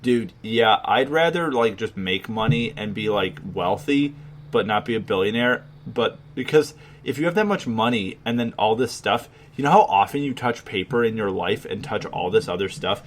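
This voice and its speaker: A man's voice: fairly low pitch, expressive, normal speed. A man co-hosting a podcast in casual chat, rambling and leaning heavily on filler words. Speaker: podcast co-host.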